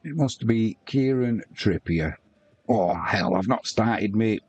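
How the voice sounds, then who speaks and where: A man's voice: on the low side, expressive, takes it slowly, darkish tone, husky, dry recording, lo-fi sound. A man from the UK hosting a live match watch-along, chatting casually and reading viewer comments aloud with banter. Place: at home.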